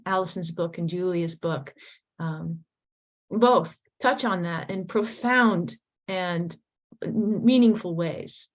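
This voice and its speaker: A woman's voice: on the low side, slow. A woman host closing an online reading event, speaking in a rambling, hesitant way. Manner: rambling, hesitant, repeats herself.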